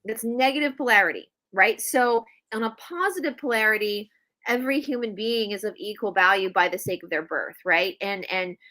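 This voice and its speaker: Emphatic bright-voiced woman co-host. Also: mid-range voice, moderate pace. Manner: emphatic, animated, repeats herself for stress. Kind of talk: casual spiritual discussion.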